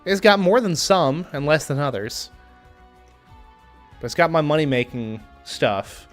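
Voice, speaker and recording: A man's voice: a little high, animated, a little slow, soft background music. A young man casually commenting on his game during a live stream, thinking aloud with frequent ums and restarts.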